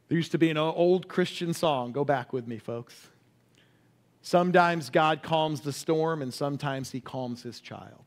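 A male pastor preaching a sermon, asking the congregation questions and acting out quoted cries before dropping to a hush. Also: on the high side, measured pace. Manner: acts out quoted cries loudly and drops to a hush.

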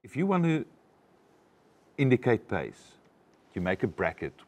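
A man coaching a young actor, explaining and demonstrating lines in an animated way. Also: mid-range voice, unhurried. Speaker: acting coach. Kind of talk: coaching a student.

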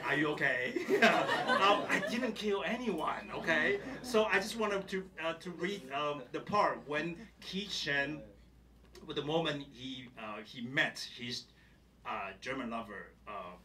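A man, an author at a reading event, telling an animated, laughing story and reading a passage aloud. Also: sits high. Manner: animated, acts out quoted voices with laughter. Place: event hall. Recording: distant mic with faint room noise.

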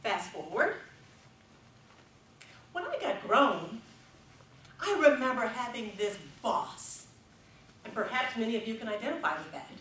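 A middle-aged woman giving a prepared contest speech on stage, telling a story expressively with dramatic pauses. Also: on the high side, big pitch swings, a bit bright, slight background noise. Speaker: contest speaker. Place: stage in a large hall. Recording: roomy hall from a distance.

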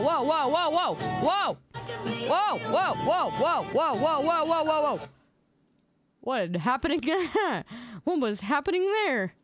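A young adult woman streamer chatting casually on a live stream, playful and excitable, quick to laugh. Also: a little high, no room sound, clean studio sound. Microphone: desk microphone.

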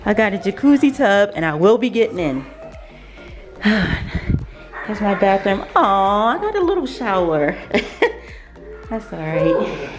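A woman vlogger tours a big vacation house in relaxed, unhurried chat, her pitch swinging up and down as she talks. She laughs often and thinks aloud. Music plays clearly under her handheld-camera recording. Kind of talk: casual house-tour chat. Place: indoors in a large vacation house, later on a deck.

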